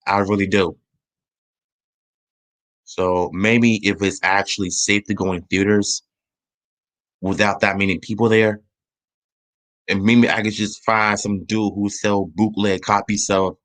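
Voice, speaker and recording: A man hosting his own channel, chatting casually about a movie trailer in a rambling way, restarting his sentences and speeding up when excited. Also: lowish voice, measured pace, long pauses. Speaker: channel host. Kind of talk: casual trailer review chat.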